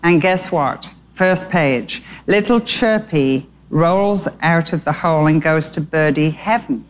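Cast a woman with a lowish voice as a storytelling preacher, faint background noise. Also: slow. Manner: warm storyteller, direct appeals to listeners. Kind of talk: storytelling sermon.

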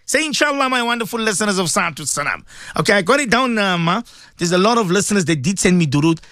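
An animated man hosts a live morning radio show from the studio, his voice swinging high and low as he chats with listeners. The sound is close and dry, with a somewhat high pitch for a man. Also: quick pace, no echo. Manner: animated, addresses listeners directly, sprinkles Arabic phrases. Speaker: radio presenter. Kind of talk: casual live radio talk.

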